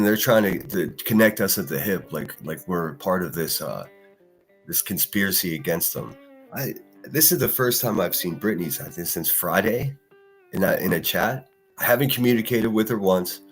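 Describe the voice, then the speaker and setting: A man with a very low voice, cursing and ranting as he hosts a solo podcast stream. He talks heatedly and answers viewers' chat comments between tirades. Soft guitar music plays quietly underneath. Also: animated, normal speed, breathy edge. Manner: profane, heated, combative. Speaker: live-stream podcast host.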